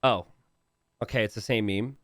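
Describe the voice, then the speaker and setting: A man's voice: on the low side, moderate pace, no room sound, clean studio sound. A man casually chatting on a stream as a game caster, laughing often and teasing his viewers. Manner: giggly, animated, laughs often mid-sentence; chatty, teasing, self-correcting. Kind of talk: casual stream chat reacting to viewer memes.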